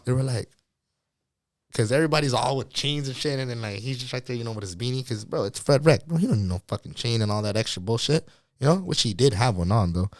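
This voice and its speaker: A man's voice: medium pitch, animated, quick pace, no room sound, studio quality. A man guesting on a podcast interview, talking in a laid-back, slangy way and laughing often. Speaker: guest singer.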